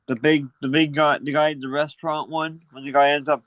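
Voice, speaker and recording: A man's voice: on the high side, little pitch movement, fairly quick, fairly bright tone, dry recording. Chatty man on a dull, dry call line. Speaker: caller. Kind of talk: casual call-in chat.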